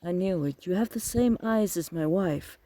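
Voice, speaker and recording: A man's voice: high voice, moderate pace, mellow, slight background noise, lightly acted. A man playing a courtly older Frenchman. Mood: cordial. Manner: polite, formal. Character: courteous older Montreal gentleman.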